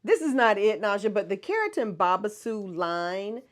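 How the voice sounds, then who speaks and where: A woman's voice: mid-range voice, expressive, normal speed. A woman hosting a casual livestream, chatting and answering viewer comments with frequent laughs. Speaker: host of a hair care brand livestream.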